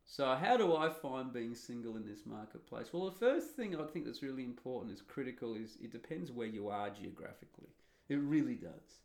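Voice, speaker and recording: A man's voice: mid-range voice, animated, fairly quick, gravelly. An Australian man with an Australian accent, giving a blunt, rambling solo monologue full of fillers and restarts. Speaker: vlogger.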